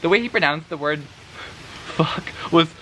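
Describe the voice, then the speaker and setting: Bright-voiced, profane book vlogger guy. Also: medium pitch, moderate pace, slight background noise. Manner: profane, dramatic and sarcastic; laughs often between remarks. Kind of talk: casual vlog review.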